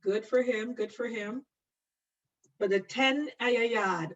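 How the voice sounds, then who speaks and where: Picked up from afar on a dull lo-fi mic, a nursing instructor runs a live online anatomy lecture. She is a middle-aged woman with a medium-pitched voice and moderate pace, chatty and quick to laugh as she addresses students by name.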